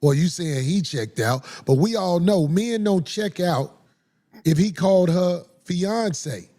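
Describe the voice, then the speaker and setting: A man's voice: high voice, expressive, slow, dark tone. A man talking bluntly and profanely in a casual podcast discussion, firm in his opinions.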